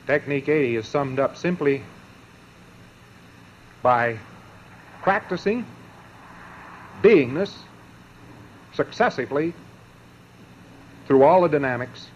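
Lecturing a live audience, a man with a medium-pitched voice is emphatic and sardonic, breaking points into short phrases with pauses and mocking asides. The highs in the recording are cut off.

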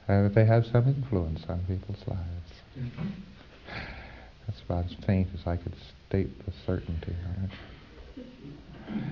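A man giving an informal lecture to trainees, halting with fillers and repeating words for stress. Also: sits low, muffled recording.

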